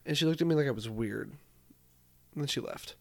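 A young man co-hosting a podcast, chatting casually in an animated, joking way and swearing freely. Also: mid-range voice, a little fast, gravelly. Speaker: podcast co-host. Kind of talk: casual chat.

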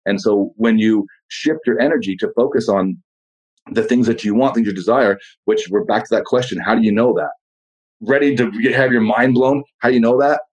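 A man as a podcast guest in casual motivational talk, blunt and profane, telling animated stories. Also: medium pitch, brisk, rough recording.

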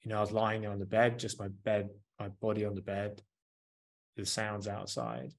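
A man's voice: lowish voice, completely flat delivery, moderate pace. Male, 30s, coach or therapist guest, earnest and reflective, casual interview delivery. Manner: earnest, reflective, leans on "like" and "you know". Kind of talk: candid conversational interview.

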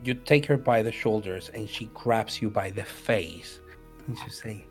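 A man's voice: fairly low pitch, unhurried, soft background music. A man narrating a tabletop game as game master, hesitant and full of fillers.

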